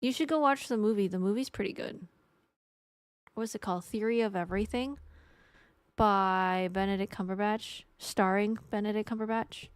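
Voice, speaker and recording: A woman's voice: medium pitch, steady tone, normal speed, smooth, no room sound. A young adult woman chatting casually with her live-stream audience, rambling and joking at her own expense. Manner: chatty, rambling, self-mocking.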